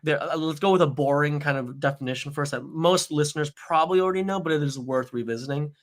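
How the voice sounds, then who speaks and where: A man's voice: a little high, a bit bright. A man who is a guest on a podcast, speaking casually with many "like" and "you know" fillers. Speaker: agency owner, guest. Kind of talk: conversational interview.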